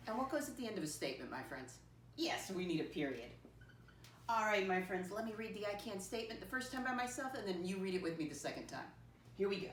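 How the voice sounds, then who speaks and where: A woman teaching a math lesson to first graders, patient and slow, spelling words out letter by letter and addressing the children as friends. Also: fairly low pitch, animated, a little hiss or hum. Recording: echoey room, voice from a distance.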